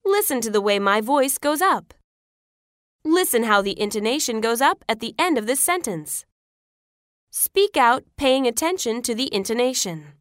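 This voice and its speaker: A woman reading out classroom phrases as a pronunciation teacher, clear and deliberate. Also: fairly high pitch, sing-song, fairly bright tone, no room sound, clean studio sound.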